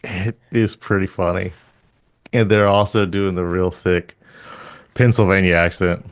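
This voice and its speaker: Low-voiced joking podcast co-host. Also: male voice, steady tone, a little slow, smooth. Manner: rambling, joking, laughs often. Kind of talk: casual chat.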